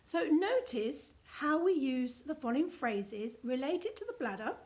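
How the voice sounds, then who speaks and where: A British woman reads aloud from a book she wrote, adding playful, chatty asides as she goes. Her voice sits a little high. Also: very animated, measured pace, darkish tone. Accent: British English. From United Kingdom. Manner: chatty and playful, laughs at her own lines. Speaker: author reading from her own book. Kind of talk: casual book reading with commentary.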